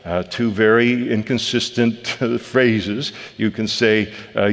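A man preaching a conversational sermon to a congregation, with frequent filler pauses. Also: fairly low pitch, steady tone. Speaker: pastor. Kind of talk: expository sermon. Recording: reverberant hall.

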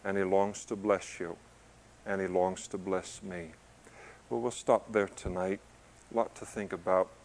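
A man preaching a conversational sermon, joking in asides, building to loud emphasis and then easing down soft. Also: sits low, little pitch movement, a little slow, a little hiss or hum. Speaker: pastor. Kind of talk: expository sermon to a congregation.

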